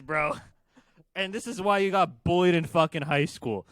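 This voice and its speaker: A man's voice: fairly high pitch, normal speed, clean tone, dry recording. A young man co-hosting a podcast, ranting with heavy profanity at online commenters. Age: young adult. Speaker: podcast co-host. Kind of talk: casual podcast rant.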